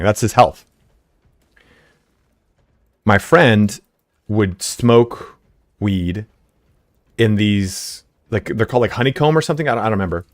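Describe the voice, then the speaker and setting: Low-voiced rambling man streaming a game. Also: no room sound, clean studio sound. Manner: rambling, filler-heavy, swears, laughs often. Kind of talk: casual storytelling while gaming live.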